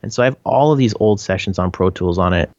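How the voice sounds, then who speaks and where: A Canadian man talks through interview answers in a low, easygoing voice, full of fillers and restarts. The recording is dry and a bit muffled, with no room sound. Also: quick pace, a little mellow, dry recording. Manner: rambling, frequent "like" and restarts, laughs often. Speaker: band member, interviewee.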